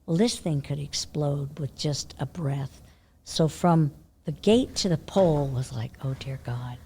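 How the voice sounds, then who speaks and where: An older woman telling horse-show stories in a casual interview, animated, laughing often and dropping to a hush when she quotes herself. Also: deep voice, measured pace, slight background noise. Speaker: interview guest, horse trainer.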